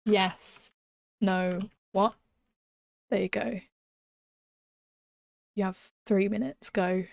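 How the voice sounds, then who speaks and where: A young woman talks through a game on a live stream from a small room at home, chatty and quick to giggle. She often drops into a hushed whisper. Her pitch sits mid-range, and the close mic sounds dry with no room echo. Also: steady tone, gravelly. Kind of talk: casual live-stream chat.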